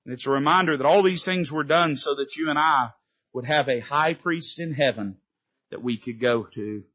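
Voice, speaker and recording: A man preaching an impassioned sermon from a church pulpit, his pitch rising and falling sharply. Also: moderate pace, pushed and bright, highs cut off. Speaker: Baptist pastor. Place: church sanctuary.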